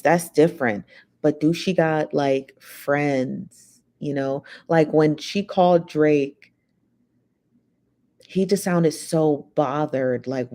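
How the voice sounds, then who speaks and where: Low-voiced woman hosting a gossipy live stream. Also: darkish tone. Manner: rambling, filler-heavy, gossipy. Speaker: live show host. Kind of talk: casual live-stream chat reading viewer comments.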